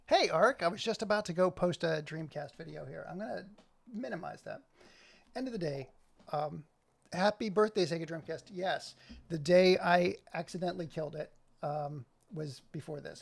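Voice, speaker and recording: A man's voice: a little high, gravelly. A man hosting a casual live stream from his computer, rambling and joking as he talks to his chat. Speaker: livestream host.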